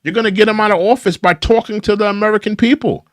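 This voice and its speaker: A man's voice: sits high, steady tone, quick pace, no room sound, clean studio sound. A man hosting a political reaction show, scolding the clips he plays and often repeating himself. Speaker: political commentary host. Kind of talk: reaction commentary.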